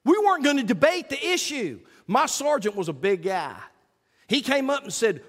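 A middle-aged man preaching a sermon, telling a story with lively acted-out quotes. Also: sits high, normal speed, pauses often. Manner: animated storytelling, acts out quotes loudly. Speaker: pastor. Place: church sanctuary. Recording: long reverb of a church hall.

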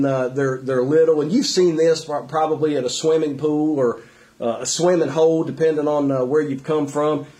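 Earnest man preaching, higher voice. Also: darkish tone. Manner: earnest, conversational preaching with many fillers and restarts. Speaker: pastor. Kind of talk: sermon.

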